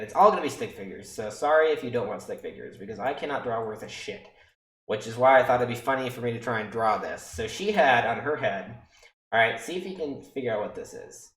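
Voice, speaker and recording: A man's voice: mid-range voice, fairly bright tone. A young man working in EMS, rambling through stories in a casual, profane way and often checking in with "okay?" and "right?". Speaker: EMS worker telling stories on stream. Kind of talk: casual storytelling on a livestream. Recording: echoey room.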